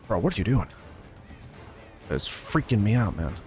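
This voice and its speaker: Male streamer, relaxed reactive play-by-play, animated delivery over background music. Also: fairly low pitch, normal speed. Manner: chatty, reacts and laughs often, greets chat. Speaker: gaming streamer. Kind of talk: live gameplay commentary.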